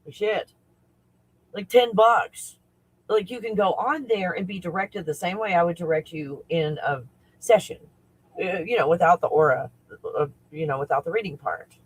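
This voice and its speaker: On a livestream with poor audio, a spiritual coach talks casually at normal speed in a high-pitched, slightly rough voice. He's excitable and rambling, frequently breaking into laughter.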